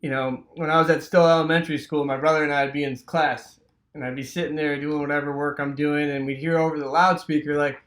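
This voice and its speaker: A man from Wisconsin casually telling a rambling childhood story, full of fillers and sound effects like "boom.". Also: steady tone, brisk, fairly bright tone. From Wisconsin, USA.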